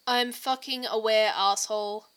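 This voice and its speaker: Woman doing annoyed young dude, flat curt answers, fed up. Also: fairly high pitch, a little slow, smooth. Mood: grumpy. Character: grumpy, exasperated young man.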